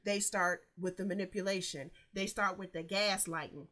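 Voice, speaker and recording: A woman's voice: mid-range voice, steady tone, moderate pace, fairly bright tone. A woman co-hosting a casual podcast chat, explaining things and acting out little scenes with quoted voices. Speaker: podcast co-host.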